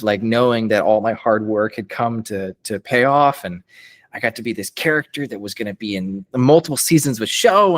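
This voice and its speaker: A young man, a voice actor, chatting as a guest in a casual podcast interview, upbeat and laughing often. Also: mid-range voice. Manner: upbeat, laughs often, lively when retelling.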